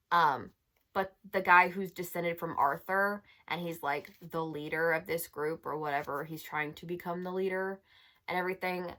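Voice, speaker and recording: A woman's voice: sits low, fairly bright tone. A young woman chatting casually as a book reviewer, exasperated and full of filler words. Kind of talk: casual chat.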